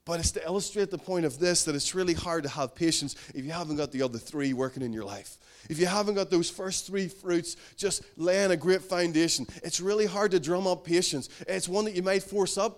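A middle-aged male pastor preaching a sermon, earnest, building to emphatic bursts and then dropping low and slow.

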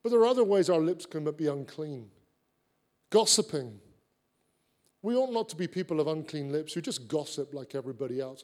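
A man preaching a sermon, an earnest and animated storyteller who likes repeated phrases. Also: sits high, brisk.

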